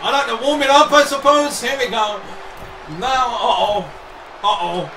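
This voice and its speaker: A man giving excited play-by-play commentary over a wrestling video game, gasping and repeating "wait a minute" and "uh-oh". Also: very high-pitched, unhurried. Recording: echoey room, voice from far off. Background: loud game crowd and noise.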